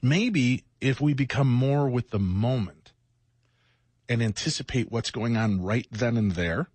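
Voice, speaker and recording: Husky, worn-out middle-aged radio host. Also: male voice, medium pitch, measured pace, darkish tone, no room sound. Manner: rambling, reflective, self-mocking. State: exhausted, sleepless. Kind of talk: candid late-night radio chat.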